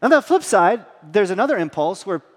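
A high-pitched male pastor preaches in a church sanctuary, and his voice rings with a long hall reverb. He tells stories in a playful, self-deprecating way and acts out each quote. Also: very animated, brisk. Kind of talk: sermon.

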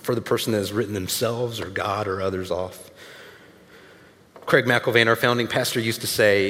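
Casual preacher in a reverberant hall. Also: male voice, on the low side, moderate pace, fairly bright tone. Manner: conversational, emphatic, casual asides. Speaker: pastor. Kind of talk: sermon. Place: large church hall with audience.

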